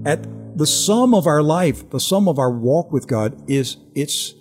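An older man telling an earnest personal testimony on a Christian talk show, animated and full of restarts. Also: on the high side, a little slow, soft background music.

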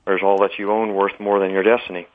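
A man speaking as a guest on a religious talk program, earnest and measured, restarting his sentences. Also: sits low, little pitch movement, narrow, tinny audio. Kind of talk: religious talk show conversation.

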